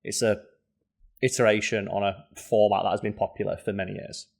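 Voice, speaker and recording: A man co-hosting a podcast, chatting casually with quick asides and frank swearing. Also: lowish voice, flat delivery, creaky. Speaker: podcast co-host. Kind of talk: casual chat.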